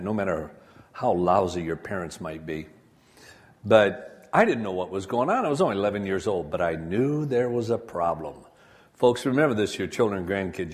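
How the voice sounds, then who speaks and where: An older man from Michigan giving an earnest personal testimony to a live audience, speaking straight to them. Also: lowish voice. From Michigan, USA. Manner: earnest, addresses the audience directly. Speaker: speaker telling his life story. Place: room with an audience.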